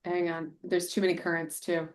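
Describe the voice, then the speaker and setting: A woman chairing a town committee meeting, informal and brisk, thinking aloud as she edits a document. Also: fairly low pitch, flat delivery. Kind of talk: casual meeting talk.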